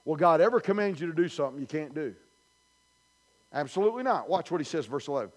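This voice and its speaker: A man's voice: fairly high pitch, lively intonation, fast talker. A male pastor preaching a sermon in a church, emphatic and repetitive, building his points through repeated declarations. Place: church sanctuary.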